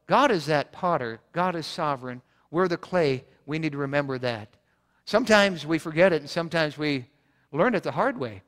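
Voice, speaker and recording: A man's voice: a little high, animated, moderate pace, a bit bright. A man preaching a sermon as pastor, earnest, repeating points for emphasis, often restarting his words. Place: church sanctuary. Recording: long church reverb.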